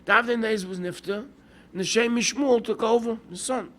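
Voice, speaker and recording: A man's voice: high voice, a little fast, a bit bright. A man, a rabbi, giving an informal Torah class in a conversational storytelling manner, asking rhetorical questions and pushing some words with bursts of emphasis. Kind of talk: informal Torah lecture with stories.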